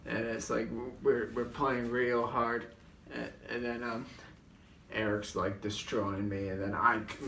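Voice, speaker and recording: A comedy show co-host with a mid-range, slightly bright voice tells rambling sketch stories and comic recollections, full of filler words and restarts. He sits far from the mic in a roomy, echoey space with slight background noise.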